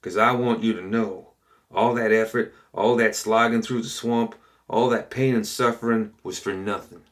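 A man's voice: lowish voice, steady tone, moderate pace, lightly acted. A man doing a grim drawling bayou gremlin. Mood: menacing.

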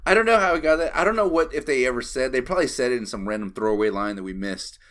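Animated, cursing man talking movies. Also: medium pitch, racing. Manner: animated, swears freely, acts out quotes. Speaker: podcast co-host. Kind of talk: casual movie discussion.

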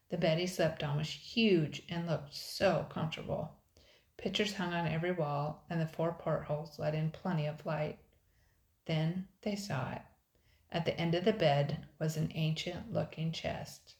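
Sex: woman. Style: storybook reading, measured. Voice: low. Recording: echoey room. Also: gravelly, darkish tone. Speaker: narrator.

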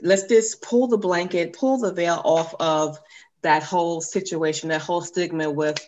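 A woman who works as a forgiveness coach, speaking as a podcast guest. Her voice is very low for a woman, and she talks in an earnest, encouraging way, slowing down to spell things out. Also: a little mellow, muffled recording.

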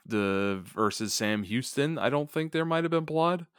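A man's voice: medium pitch, lively intonation, a little slow, clean tone, no room sound, clean studio sound. A man co-hosting a casual podcast chat, making wry asides and laughing often. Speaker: podcast co-host.

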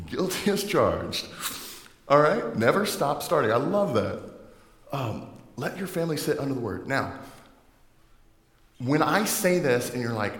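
A man preaching a sermon to his congregation, talking in a loose, joking way. His voice sits at an ordinary middle pitch. It rings out through a large hall with a long, echoing reverb. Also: animated, unhurried. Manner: conversational, joking delivery. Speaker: pastor.

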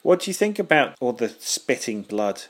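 A man co-hosting a podcast, chatting casually in a deadpan, joking way. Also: mid-range voice, normal speed. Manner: deadpan, joking, absurd banter. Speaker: podcast co-host. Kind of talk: casual chat.

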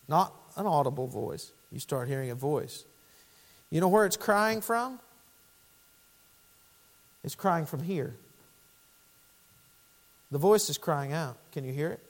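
A man with a high-pitched voice preaches fervently in a church sanctuary. His voice swings from hushed pleading to loud urgency. It carries a long, ringing reverb from the hall. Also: animated, slow pace, long pauses. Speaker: pastor. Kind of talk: sermon.

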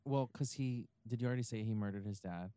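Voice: mid-range voice, fast talker, warm tone, clean tone, dry recording. Podcast co-host making wry jokes, dry close mic. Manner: wry, jokey asides. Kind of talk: casual chat.

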